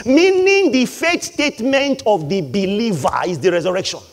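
Lively preacher man. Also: high voice, normal speed. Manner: emphatic preacher, repeating lines and acting out the congregation. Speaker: pastor. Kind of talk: sermon.

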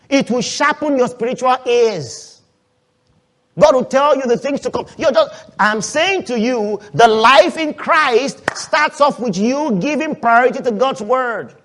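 A man with a high voice preaches a sermon to his church. He swings between loud, rising calls and quiet, hushed asides, and he keeps asking the congregation questions. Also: animated, moderate pace, slight background noise. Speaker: pastor.

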